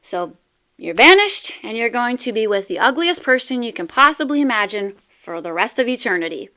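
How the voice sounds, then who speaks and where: A grand male God at heaven's gates proclaims his rules in a bright voice that runs a little high, as a woman puts him on while telling a joke. He lays down the terms with a ringing delivery. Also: big pitch swings, moderate pace. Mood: proclaiming.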